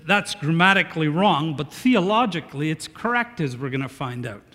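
A man preaching a sermon as pastor, animated and asking the congregation questions. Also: high-pitched. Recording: long reverb of a large hall.

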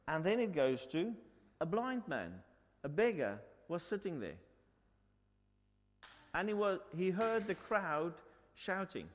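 A man preaching a sermon. He tells the story, asks the listeners questions, and repeats his points in two languages. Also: sits high. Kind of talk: bilingual sermon. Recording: long hall reverb.

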